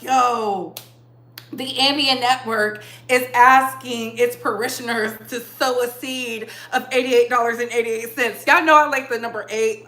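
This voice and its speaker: A woman's voice: a little high, bright, forceful tone. A woman hosting a casual live-stream gossip chat, chatty and laughing often as she greets viewers by name. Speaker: livestream host. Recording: echoey room.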